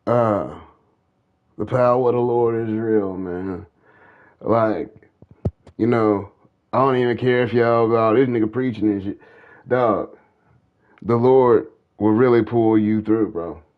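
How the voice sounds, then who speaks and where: A man's voice: lowish voice, slow pace, long pauses. A man hosting his gaming channel, talking casually in a drawling, slangy way about faith and a breakup, like giving testimony. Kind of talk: casual monologue. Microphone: streaming mic. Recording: dull lo-fi mic.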